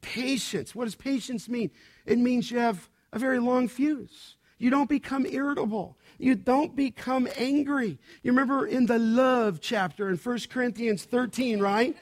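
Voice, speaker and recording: A middle-aged man preaching a sermon as pastor, animated and swinging from quiet asides to loud emphatic bursts. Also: very high voice, moderate pace.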